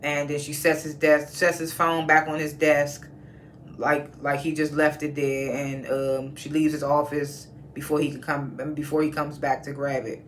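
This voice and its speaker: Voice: mid-range voice, little pitch movement, measured pace, a little hiss or hum. A TV reviewer casually recapping an episode, retelling scenes in a conversational way with quoted lines and personal asides.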